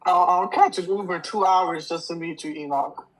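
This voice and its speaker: A man in casual chat on a voice call, tossing out quick wisecracks. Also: high voice, low-quality recording. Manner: wisecracking, quick one-liners. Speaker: friend on a gaming call.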